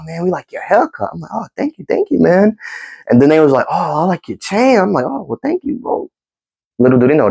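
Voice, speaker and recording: Young male storyteller, animated and slangy, pitch all over the place. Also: creaky, slightly rough, poor audio. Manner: animated, laughing, slangy, acts out friends with gasps. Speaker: comedic storyteller. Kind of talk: casual comedic storytelling.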